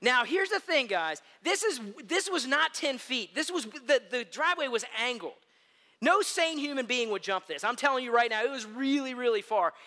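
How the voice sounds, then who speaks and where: A man preaching a sermon as pastor, an animated storyteller who calls his listeners gang. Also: extremely high pitch, moderate pace, long reverb tail.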